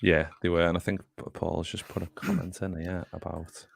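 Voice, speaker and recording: Deep gravelly man rambling on a podcast. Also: flat delivery, brisk, slight background noise. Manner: rambling, swears casually, chats to the live chat. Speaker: podcast host. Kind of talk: casual live-stream football chat.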